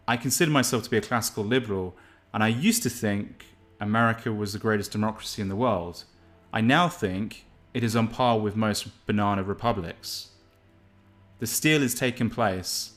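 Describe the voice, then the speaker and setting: A man from England talking in a rambling, opinionated monologue while walking along a beach for his vlog. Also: fairly low pitch. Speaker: vlog host. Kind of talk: casual walk-and-talk vlog. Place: outdoors on a beach.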